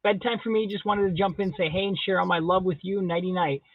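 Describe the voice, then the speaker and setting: A man's voice: high-pitched, fairly even intonation, fast, no room sound. A man hosting a live drawing stream, chatting casually and playfully while he answers viewer comments. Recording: dull, dry lo-fi stream audio.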